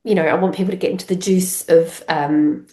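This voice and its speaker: A woman's voice: on the low side, fairly even intonation, fairly quick, mellow, reverberant. An Australian woman hosting her own podcast, talking casually with a stuffy nose from a cold, rambling with many fillers and restarts. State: congested with a head cold. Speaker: podcast host. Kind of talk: casual solo podcast chat.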